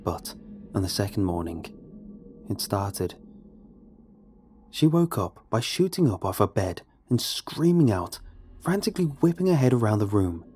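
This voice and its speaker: A man narrating a first-person horror story in a somber, measured, grave way. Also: lowish voice, big pitch swings, darkish tone, faint music behind.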